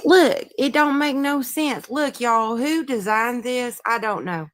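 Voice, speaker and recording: Slow, goofy woman from Texas. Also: fairly high pitch. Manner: goofy, rambling, self-mocking. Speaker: guest. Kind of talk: casual livestream chat.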